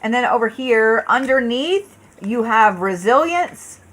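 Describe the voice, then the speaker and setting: Giving a live tarot reading, a tired, yawning woman speaks a little slowly in a slightly high, expressive, somewhat bright voice. She's casual and blunt, swears plenty, chats with viewers and often uses fillers and restarts.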